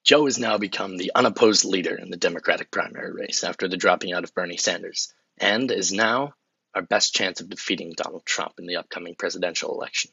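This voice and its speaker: A man's voice: low-pitched, fast, gravelly, pushed and bright, husky, no room sound, highs cut off, full character voice. A man playing a flustered, awkward campaign spokesman in a comedy sketch, stumbling over bad examples and muttering asides.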